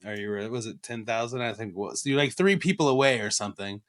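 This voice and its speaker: A man's voice: medium pitch, quick pace, a bit bright. A man co-hosting a podcast, joking and teasing in casual banter. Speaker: co-host.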